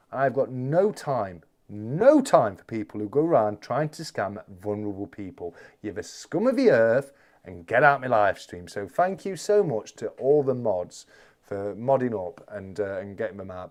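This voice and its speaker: A man's voice: mid-range voice, darkish tone. A man hosting a live stream, reading viewer comments aloud in a chatty, jokey way and calling people mate.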